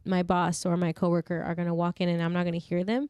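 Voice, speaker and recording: A woman co-hosting a podcast, chatting casually and telling animated stories. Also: lowish voice, quick pace, smooth, no echo, studio quality. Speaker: podcast co-host. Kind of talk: casual chat.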